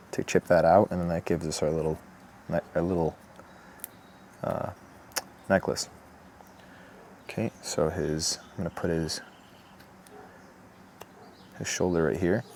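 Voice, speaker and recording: Deep-voiced man teaching woodcarving. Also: a little hiss or hum. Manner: relaxed, chatty, with asides. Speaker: woodcarving instructor. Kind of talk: step-by-step tutorial narration. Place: outdoors in the morning.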